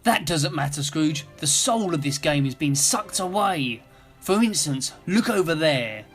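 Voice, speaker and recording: A man's voice: on the high side, expressive, unhurried, faint music behind. A man voicing a solemn male Christmas ghost in a storybook reading, grave and lecturing.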